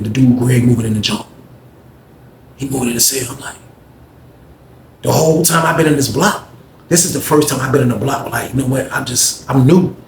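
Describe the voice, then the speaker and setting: A man's voice: mid-range voice, slight background noise. A man telling a casual story in slangy speech, talking to listeners as y'all. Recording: echoey room with faint ambience.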